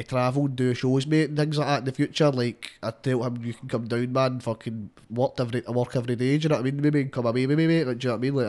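Young man, Scottish accent, rapid delivery, rambling, swears a lot, casual guest chat. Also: medium pitch, a little mellow. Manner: rambling, sweary, says "mate" constantly. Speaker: guest rapper.

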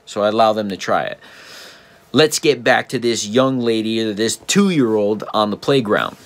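A man with a slightly low voice talks through a story in a relaxed, chatty monologue. He keeps turning to his listeners with rhetorical questions and often restarts his words mid-thought. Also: unhurried. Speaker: podcast host and father.

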